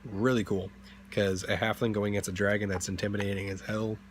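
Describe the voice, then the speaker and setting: Young guy with a deep voice riffing about game rules, loose and rambly, faint hum behind. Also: flat delivery, a little fast. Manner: rambling, with fillers and self-corrections. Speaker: D&D channel host. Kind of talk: casual rambling commentary.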